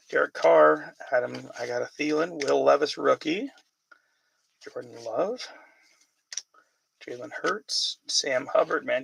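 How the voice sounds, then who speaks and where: A man's voice: mid-range voice, gravelly, a bit bright, slight background noise, low-quality recording. A man hosting a live sports card break, chatting casually and calling out player names as he opens packs. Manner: chatty, calls out player names while reading questions from viewers.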